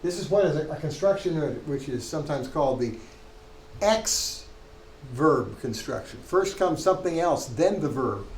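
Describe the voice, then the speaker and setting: Man, professor, lecturing, emphatic, fairly high voice, echoey classroom. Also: expressive, moderate pace, a little mellow, a little hiss or hum. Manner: explanatory, emphatic, with frequent restarts. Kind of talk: university lecture.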